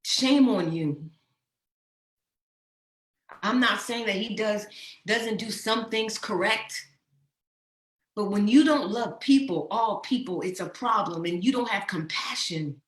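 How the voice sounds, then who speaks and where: A woman's voice: medium pitch, measured pace. A woman in her fifties from New Jersey, a host giving an emotional, impassioned personal address. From New Jersey, USA. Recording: roomy echo.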